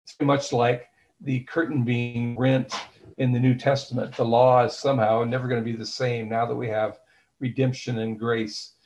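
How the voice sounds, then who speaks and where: A man's voice: mid-range voice, flat delivery, normal speed, a little mellow, faint music behind, low-quality recording. Thoughtful man explaining at length. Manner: thoughtful, with many fillers and restarts; retells scenes with quoted dialogue. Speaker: author and guest. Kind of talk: interview.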